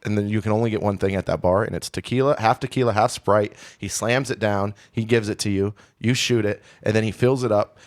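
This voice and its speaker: A man's voice: on the low side, steady tone, a little fast, few pauses. A young man co-hosting a comedy podcast, telling a long personal story in a candid, rambling way full of restarts. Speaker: podcast co-host. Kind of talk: casual storytelling chat.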